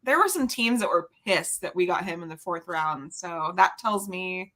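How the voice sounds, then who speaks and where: A woman's voice: on the low side, animated, normal speed, bright, forceful tone. A woman co-hosting a podcast, giving easygoing football opinions and laughing easily. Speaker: podcast co-host. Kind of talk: casual sports chat.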